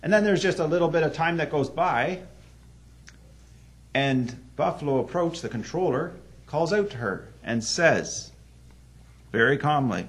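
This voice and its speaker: A man preaching an evening sermon, telling a story earnestly, with sudden swings between loud emphasis and hushed drops. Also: medium pitch, expressive, measured pace, long pauses.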